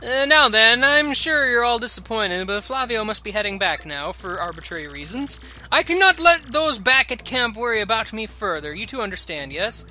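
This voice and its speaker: A man's voice: sits high, very animated, moderate pace, sharp tone, full character voice. A man voicing a pompous, vain male nobleman in a game, speaking in a grand, theatrical way. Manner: grand, theatrical and self-important.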